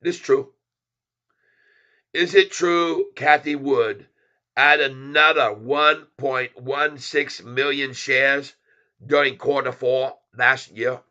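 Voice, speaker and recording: A man's voice: medium pitch, steady tone, drawn-out words, pauses often, bright, forceful tone, lo-fi sound. A man doing a joking foreign-accent voice in broken English. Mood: emphatic. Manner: broken English, jokey and teasing. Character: playful grown man in a put-on foreign accent. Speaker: stock channel host.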